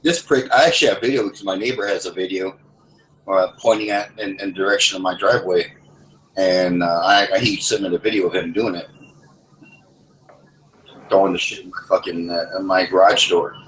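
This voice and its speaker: A man's voice: sits low, steady tone, brisk, pauses often, fairly bright tone. A man telling an angry, profane story in casual chat, stammering and restarting as he goes. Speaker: gamer in a voice lobby. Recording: echoey room, faint background noise.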